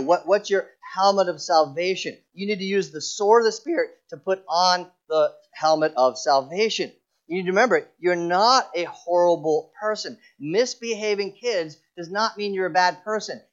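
A man's voice: sits high, lo-fi sound. A man preaching a sermon earnestly, often repeating a word as he restarts a phrase. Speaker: pastor.

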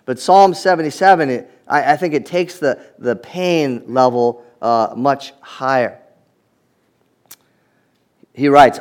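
A man's voice: medium pitch, slow pace, pauses often. A man preaching a sermon, reading scripture aloud and reflecting on it in an earnest manner, often repeating words as he restarts.

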